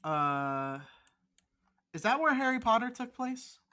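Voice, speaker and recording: A man's voice: very high voice, very animated, slow, bright, forceful tone. A man co-hosting a podcast over a remote call, teasing his co-host in crude, mock-angry casual chat full of swearing.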